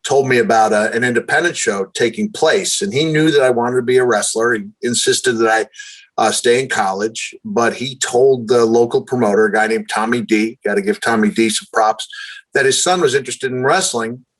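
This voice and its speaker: A man in his fifties, a podcast guest telling long stories with lively, self-deprecating humor. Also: medium pitch, moderate pace, poor audio. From New York, USA. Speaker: guest, retired wrestler. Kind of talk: storytelling in conversation.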